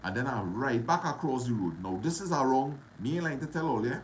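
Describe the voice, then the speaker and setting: A man's voice: mid-range voice, a little fast, a little hiss or hum. Trinidadian man telling a story. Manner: animated, dramatic retelling with repetition and dialect. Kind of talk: casual storytelling to camera.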